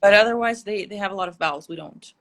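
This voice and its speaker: A woman's voice: medium pitch, fast talker. A woman from Russia, a native Russian speaker with a near-American accent, chatting as a livestream guest and explaining with examples. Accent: near-American English, Russian-born. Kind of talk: casual livestream interview.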